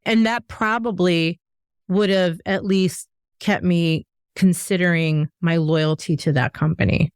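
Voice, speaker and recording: A woman's voice: on the low side, fairly even intonation, a little slow, smooth, no room sound, clean studio sound. A woman hosting a podcast, chatting casually and often dropping "like" as a filler. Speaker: podcast host. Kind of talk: casual conversation.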